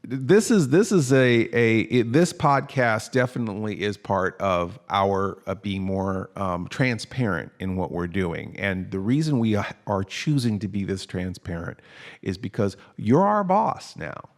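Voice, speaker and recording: A man's voice: fairly low pitch, animated, unhurried. A man hosting a casual comedy podcast, rambling and self-mocking with lots of fillers. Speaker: podcast host.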